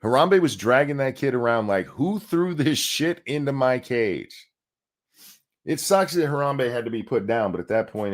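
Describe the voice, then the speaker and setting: A male podcast host talks in loose, exasperated rants peppered with swearing. His pitch swings widely as he tells stories and gets worked up. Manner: profane, exasperated storytelling. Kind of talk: casual ranting commentary.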